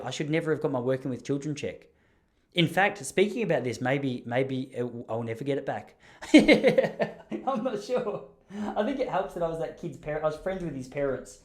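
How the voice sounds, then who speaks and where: A man's voice: medium pitch, darkish tone. A young Australian man hosting a podcast, telling casual stories in a chatty, self-deprecating way. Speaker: podcast host. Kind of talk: casual storytelling monologue.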